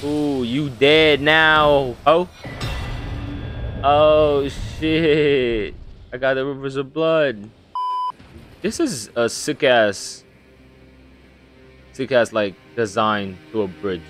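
A young man giving loud, profane, excitable commentary while playing a video game. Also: mid-range voice, drawn-out words, long pauses, faint music behind. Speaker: gaming streamer. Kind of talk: casual gameplay commentary.

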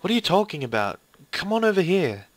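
A man's voice: medium pitch, unhurried, pushed and bright, no room sound. A man voicing a caring, protective young female teacher in a horror game playthrough, urgent and commanding. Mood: reassuring.

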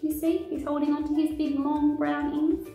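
A woman childcare educator, reading a picture book aloud to children and pointing out the pictures with an expressive voice. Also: high-pitched, normal speed, creaky. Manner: warm, expressive, leading children through pictures. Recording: echoey room, faint music.

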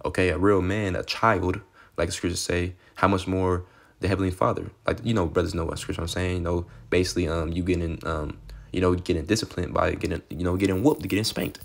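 A man with a very low, gravelly voice preaching a casual street-style sermon. He reads scripture and then riffs on it in a loose, conversational way, peppering his lines with "okay" and "man." He gets excitable and sometimes drops to a low murmur. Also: fairly quick.

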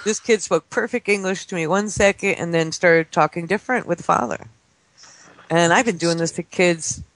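A man in his forties, a guest on a talk radio show, telling stories excitedly and acting out the voices of children. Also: high voice, normal speed, no room sound. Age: 40s. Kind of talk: casual talk-radio chat. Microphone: studio microphone.

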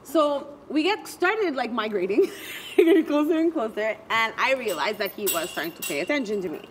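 A woman's voice: fairly high pitch, moderate pace, a little hiss or hum. A woman casually telling friends a story, acting out the voices and checking in with "okay?" as she goes. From Montreal, Canada. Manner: animated, acts out every voice in her story; peppers speech with "okay?" and "I'm like". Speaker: storyteller in a group chat.

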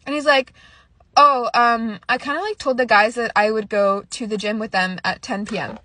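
A woman's voice: on the high side, normal speed, sharp tone, no room sound. A young woman casually telling a story, rambling with lots of "like" and nervous little laughs. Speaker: storyteller recounting a date.

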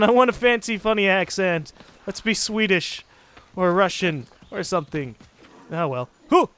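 A man with a central North American accent, giving casual let's play commentary, excitable and swearing freely. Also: high-pitched. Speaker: gaming commentator.

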